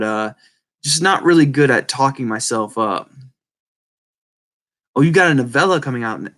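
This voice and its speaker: A man with a speech impediment chatting casually and rambling to viewers, halting and apologetic, often restarting his words. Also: mid-range voice, a bit bright. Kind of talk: casual rambling livestream chat.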